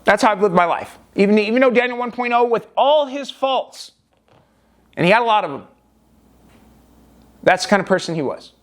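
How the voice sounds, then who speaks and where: Vlogger, male, high register; emphatic, rambling first-person storytelling with restarts. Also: expressive, normal speed, long pauses.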